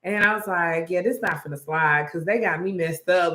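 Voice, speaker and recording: A young woman, a restaurant manager, telling a story in casual chat and acting out the quotes in an animated way. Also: fairly low pitch, normal speed. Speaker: restaurant manager and podcast co-host. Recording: echoey room.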